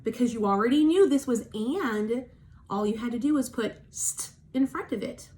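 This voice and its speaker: A woman teacher giving a recorded phonics lesson for young children, slowly modelling sounds for them to repeat and praising them patiently. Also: a little high, expressive. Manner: encouraging, patient. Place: at home.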